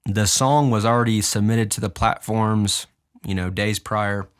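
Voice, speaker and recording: With a smooth, lowish voice, this podcast host and music producer explains his own music in casual podcast talk. He's animated, purposely moving his pitch higher and lower as he speaks.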